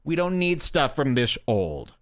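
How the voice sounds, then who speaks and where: A man's voice: mid-range voice, very animated, measured pace. A man hosting an internet radio show with rambling commentary, mocking and scolding as he goes, while nursing a headache. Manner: mocking, scolding rants, irreverent. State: has a headache.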